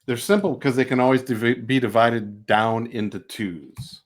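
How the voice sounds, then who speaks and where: A middle-aged man teaching a music lesson on a livestream, relaxed and chatty, who stops to sing beat syllables to show the rhythm. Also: medium pitch, moderate pace. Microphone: home livestream mic.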